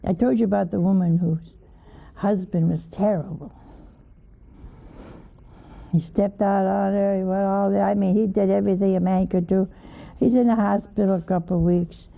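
A woman's voice: medium pitch, fairly even intonation, normal speed, creaky. A woman giving an informal sermon in a folksy, questioning way, with chuckling asides. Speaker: religious teacher. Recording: tinny phone-like old recording.

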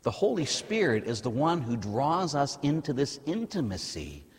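A middle-aged American man, a priest giving a lively, conversational sermon in a church. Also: mid-range voice, moderate pace, slightly rough, long reverb tail. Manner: lively, conversational preaching, asks the audience "huh?".

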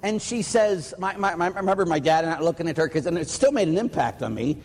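A slightly high-voiced male priest from Pittsburgh, telling stories in an easygoing sermon. His voice rings out into a long reverb, as in a large church. He talks plainly and anecdotally, with everyday turns of phrase. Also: animated, fast, a little mellow, a little hiss or hum. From Pittsburgh, USA. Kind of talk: conversational sermon.

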